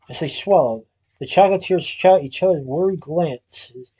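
A man reading a storybook aloud, with steady narration and the odd stumble. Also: a little high, normal speed, slightly rough. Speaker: reader.

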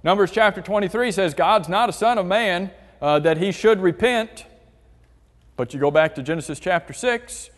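High-voiced man teaching a Bible class. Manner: asks the class questions and reads scripture aloud. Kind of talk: church Bible class lesson. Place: church hall. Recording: long hall reverb.

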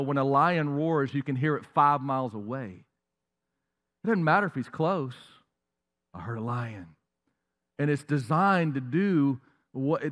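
Animated man preaching in a big hall. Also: a little high. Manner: animated, jumps into mocking voices and asks the crowd questions. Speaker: pastor. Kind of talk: sermon. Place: large church auditorium.

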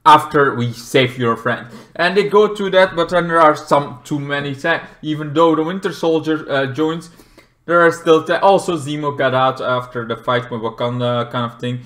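A man's voice: a little high, normal speed, fairly bright tone. A man casually recapping a show episode in a rambling way, full of fillers and restarts. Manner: rambling, many fillers and restarts, talks in loose run-on clauses. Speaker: show reviewer.

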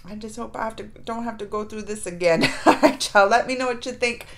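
A woman with a slightly higher-pitched voice talks through a reaction video in a relaxed, colloquial way. She retells scenes with a lot of feeling and speaks directly to her viewers at a home desk setup. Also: brisk. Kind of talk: casual reaction commentary.

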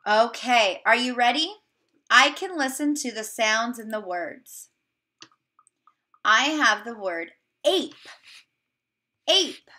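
A woman teacher giving a remote video lesson to young children, sounding out words slowly and encouraging them. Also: a little high, animated, sharp tone.

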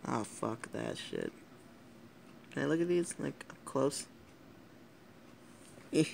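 A man's voice: medium pitch, wildly swooping pitch, slow pace, vocal fry, slight background noise. A teenage boy rambling through a casual vlog, giggling often, swearing and cutting himself off mid-thought. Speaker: YouTuber.

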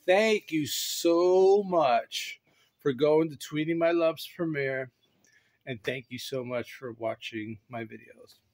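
A man's voice: a little high, slow pace. A man chatting in a goofy, playful way on a casual home video, rambling and laughing often, recorded on a phone on a stand. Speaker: vlogger.

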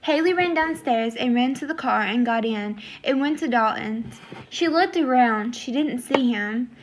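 A woman reads out a homemade horror story, slow and unhurried. Her voice sits fairly high, and she talks in a halting, apologetic way with fillers. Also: a little hiss or hum. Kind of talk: reading her own story aloud.

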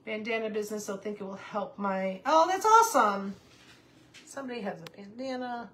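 A woman's voice: medium pitch, sing-song, moderate pace, a bit bright. A woman in her fifties hosting a casual crafting livestream, chatting with viewers and calling to her puppy. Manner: chatty, reads viewer comments aloud, talks to her puppy.

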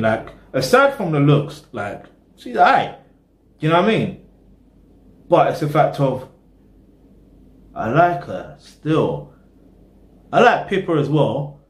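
A man's voice: medium pitch, echoey room. A man hosting a reaction video, rambling casually in slang and talking straight to his viewers.

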